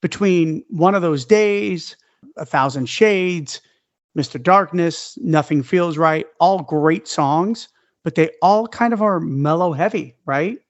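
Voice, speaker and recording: A man's voice: a little high, slow pace, no room sound, muffled recording. A man co-hosting a podcast in casual chat, breaking songs down analytically. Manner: analytical, breaks down song structure. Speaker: podcast co-host.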